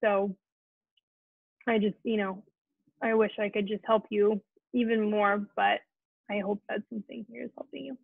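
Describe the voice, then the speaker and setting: A woman talks gently and earnestly to an online support group, often restarting her sentences as she reaches for the right words. Her voice sits in an ordinary middle range. It comes through a narrow, phone-like line that is very dry, with no room sound. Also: mid-range voice, steady tone, normal speed, creaky, long pauses, husky, no echo. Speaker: host of a support Q&A. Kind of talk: casual heartfelt talk to an online group.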